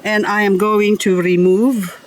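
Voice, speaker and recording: In a low-quality recording made outside in her garden, a woman speaks at medium pitch in a level tone, a little slowly. She's a succulent grower hosting her channel's casual show-and-tell vlog, pointing out plants one at a time and frequently laughing.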